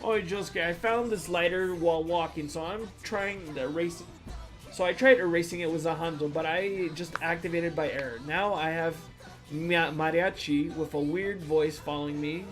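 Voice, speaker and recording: A man streaming, reading viewer-submitted jokes aloud with a loud, goofy, joking delivery. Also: fairly high pitch, normal speed. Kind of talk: comedic reading on a livestream. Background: music playing.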